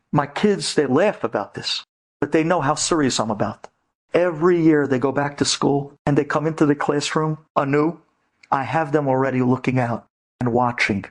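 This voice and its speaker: A man, a rabbi, giving an inspirational storytelling lecture to women, dramatic and prone to loud, emphatic bursts. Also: medium pitch.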